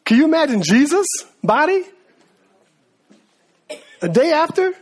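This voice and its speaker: A man with a high-pitched voice teaches from scripture in a loose, conversational sermon. He slips into slang, calls the room guys, and acts out the people in the story as he goes. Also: sing-song, measured pace. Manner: informal, slangy, addresses listeners as guys; acts out voices of biblical figures. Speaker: preacher.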